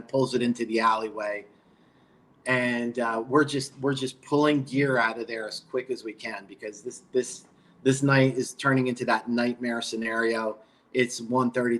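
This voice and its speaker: A middle-aged man from New York, a guest guitarist telling a road story in a relaxed, rambling way with casual swearing. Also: medium pitch, poor audio.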